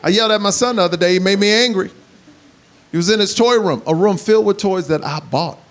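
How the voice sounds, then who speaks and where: A man doing stand-up comedy who tells animated stories and builds up to shouts. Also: sits high, fast. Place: comedy club stage. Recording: live club set with crowd laughter. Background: audience laughter and room hiss.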